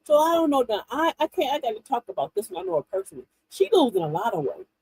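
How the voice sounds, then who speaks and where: A woman in her fifties hosting a livestream, telling funny stories in an animated, laughing way to her viewers. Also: high voice, quick pace, gravelly, no echo, poor audio. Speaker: livestream host. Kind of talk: casual chat to viewers.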